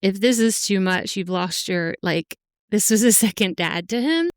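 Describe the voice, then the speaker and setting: A middle-aged woman guest on a podcast, speaking heartfelt and halting, with many fillers, about her own life. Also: medium pitch, no echo, clean studio sound. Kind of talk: emotional personal interview.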